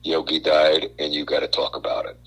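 An older man from Brooklyn, a guest on a radio talk show, telling animated stories and stumbling over repeated words. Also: a bass voice, brisk, husky, low-quality recording. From Brooklyn, New York. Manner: animated storyteller, repeats words, acts out quotes. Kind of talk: casual radio chat.

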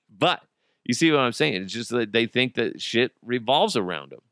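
A man hosting a casual comic podcast, swearing freely and laughing at his own jokes. His bright voice swings widely in pitch. The sound is close and dry. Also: animated, moderate pace, no echo. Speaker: podcast host. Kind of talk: casual comedic podcast monologue.

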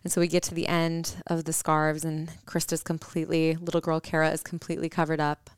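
A woman's voice: low-pitched, monotone, fairly quick, clean tone, dry recording, clean studio sound. A woman in her thirties earnestly telling a personal story on a podcast, reflective, with fillers and restarts. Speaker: podcast co-host.

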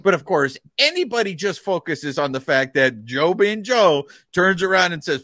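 A male podcast host with a high, bright voice that swings up and down a lot as he talks. He is blunt and swears freely. His question comes across as casual chat, and his voice sounds close and dry. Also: very animated, normal speed, few pauses, dry recording.

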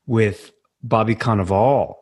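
A man's voice: lowish voice, unhurried, slightly rough. A man co-hosting a casual podcast, telling a funny story with lots of laughter. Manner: animated, laughs while telling stories. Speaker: podcast co-host.

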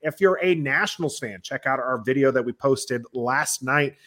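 A man with an average-pitched, ordinary voice hosting a sports podcast. He steers the conversation and wraps up the episode with plugs for the channel. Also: normal speed, a bit bright. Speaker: podcast host. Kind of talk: casual sports chat.

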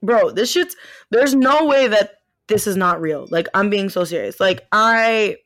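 A young woman co-hosting a podcast, telling a story in casual chat, animated and swearing, with lots of fillers. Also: medium pitch, measured pace, no room sound, studio quality. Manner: animated, swears a lot, many fillers, laughs while telling. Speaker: podcast co-host.

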